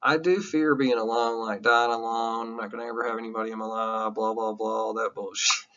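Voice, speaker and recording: A man teaching a college psychology class, lecturing in an animated, candid way with jokey asides and some swearing. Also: mid-range voice, brisk, hardly any pauses, muffled recording.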